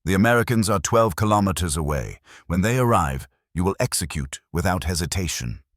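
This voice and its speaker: Stern officer voiced by a man, clipped, threatening, very low, dry. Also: lively intonation, a little fast, a bit bright, dry recording. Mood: commanding. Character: stern cold male German colonel.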